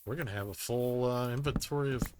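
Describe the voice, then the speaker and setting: A man's voice: medium pitch, a little fast, background noise. A man giving rambling, jokey gameplay commentary, muttering self-deprecating asides to himself as he plays. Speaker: gaming YouTuber. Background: music.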